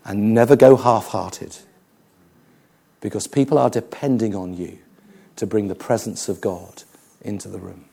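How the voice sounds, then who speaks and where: A man preaching a sermon, moving between humour and hushed, serious storytelling. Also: lowish voice, measured pace, creaky, long pauses, breathy edge. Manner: animated, humorous preaching with dramatic quiet passages.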